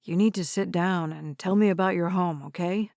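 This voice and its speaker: A woman voicing a calm, reassuring man who takes charge. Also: lowish voice, moderate pace, vocal fry, no echo, studio quality. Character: steady, calm man, a handy neighbor.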